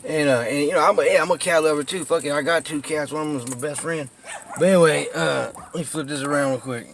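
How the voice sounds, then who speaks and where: This tipsy man's voice sits on the high side, quick and a bit bright, with vocal fry and a faint hiss or hum. He strolls his old neighborhood's street and alleyway outdoors, laughing frequently as he spins profane, meandering tales into a phone held in his hand.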